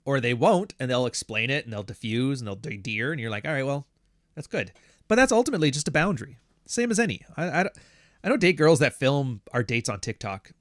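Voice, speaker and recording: A man's voice: mid-range voice, big pitch swings, a little fast, no room sound, studio quality. Blunt, profane man hosting a livestream. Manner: blunt, profane, rambling, acts out other people's voices. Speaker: livestream host reading super chats. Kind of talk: casual live-stream talk.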